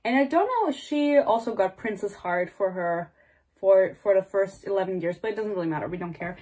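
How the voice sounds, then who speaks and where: A woman's voice: medium pitch, expressive, a little fast, a little mellow. Sarcastic, swearing woman ranting about a book. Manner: sarcastic, swears a lot, acts out characters' lines. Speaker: book reviewer. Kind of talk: casual ranting book review.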